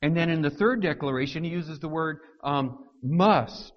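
A man with a fairly high voice preaches a sermon in a dull, lo-fi recording. He hammers points home by repeating words. He drops to hushed lines, then rises loud. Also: a little fast. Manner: emphatic, repeats words for stress; swings between hushed low lines and loud raised ones. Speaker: pastor.

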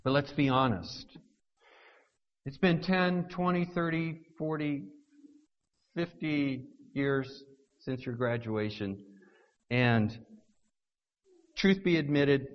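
Man, pastor preaching, higher voice, repeats words for stress, hushed then loud, dull lo-fi sound. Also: takes it slowly, long pauses. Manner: swings between hushed low lines and loud raised ones. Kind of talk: sermon. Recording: dull lo-fi recording.

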